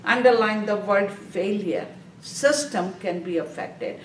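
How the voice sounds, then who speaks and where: A woman teaching a nursing exam review class, asking the class questions and repeating key words before answering them herself. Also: medium pitch. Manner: slow, repetitive, quizzes the class and answers herself. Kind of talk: classroom lecture. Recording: echoey room, mic at a distance, faint background noise.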